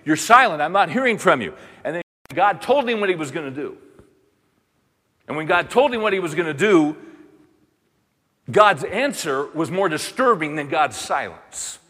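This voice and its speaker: A man delivers a sermon with animated energy, acting out the people in his story as he goes. His voice sits a little high for a man. The sound carries the long reverb of a large hall. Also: unhurried, pauses often. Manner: animated, voices the prophet and God in dramatic quotes. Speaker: pastor.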